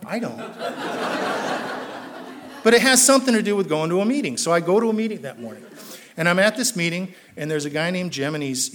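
A man with a slightly raised voice tells his own recovery story to a live audience. He is a trial lawyer, and he mocks himself as he talks. His voice climbs loud and high when he gets excited. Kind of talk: personal story told to an audience. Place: talk before a live audience.

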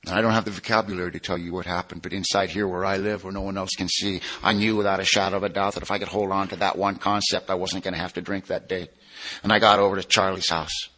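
A man's voice: low voice, little pitch movement, fast, sharp tone. A man telling his recovery story to a meeting, plainspoken and emotional. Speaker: recovery speaker. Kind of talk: personal testimony at a recovery meeting.

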